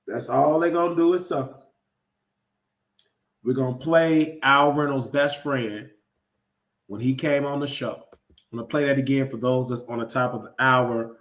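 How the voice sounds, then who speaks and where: A man's voice: mid-range voice, fairly even intonation, normal speed, pauses often, a bit bright, echoey room. A man hosting a casual live-stream show, talking playfully, teasing and heaping praise. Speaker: livestream show host. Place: lives in Vegas.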